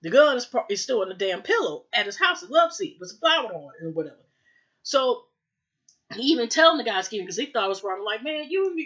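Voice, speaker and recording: Female TV recapper with a fairly high voice, loose and rambling, full of "you know" and "like", slipping into character voices. Muffled, lo-fi home recording. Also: fairly bright tone. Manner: rambling, heavy fillers, acts out dialogue. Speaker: TV recap reviewer. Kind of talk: casual episode recap.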